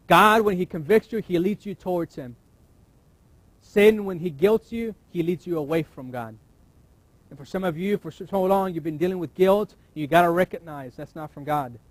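Male pastor, sermon delivery. Reads scripture, then preaches in a plain, conversational tone with emphatic slowdowns. The voice sits a bit high, and the recording is close and dry. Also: lively intonation, no echo, rough recording.

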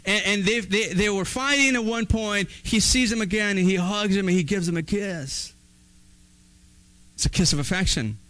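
A male pastor preaching a sermon in an animated, conversational way with playful asides. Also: sits high, poor audio.

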